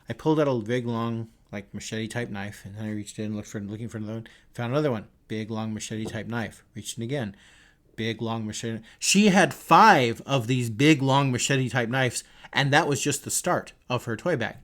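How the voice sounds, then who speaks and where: A man hosting his podcast, talking in a thoughtful, earnest way and telling stories as he reflects. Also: medium pitch. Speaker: podcast host. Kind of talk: reflective casual monologue.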